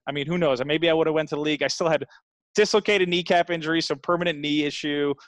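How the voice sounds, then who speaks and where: A man in his thirties from New Jersey tells his story as an interview guest. He is earnest and animated, often restarting his sentences, and his voice sits a little high. The sound is dry and close to the mic. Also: fast talker, no room sound.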